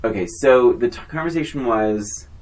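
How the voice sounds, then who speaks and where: A woman's voice: rumbling low, normal speed, darkish tone, rough recording. A woman co-hosting a podcast, chatting casually and teasing her friend, rambling with fillers. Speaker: podcast co-host. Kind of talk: casual chat.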